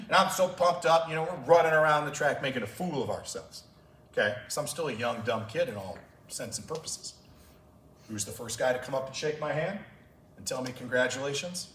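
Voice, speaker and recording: A man with a fairly high, slightly bright voice coaches track and field and tells stories to fellow coaches at a clinic, speaking with passion and letting his emotions show. He's in a large conference room, and the recording is echoey with his voice far from the mic.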